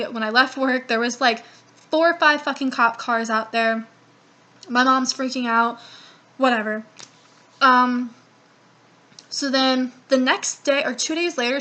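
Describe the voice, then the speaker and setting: Young woman vlogger, casual storytime, bright voice, sits a bit high, lots of swearing and acted-out quotes. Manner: animated, swears a lot, acts out quotes.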